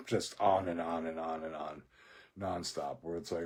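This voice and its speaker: A man's voice: deep voice, normal speed, husky. A man telling a rambling personal story in a casual monologue, profane and laughing often. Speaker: vlogger.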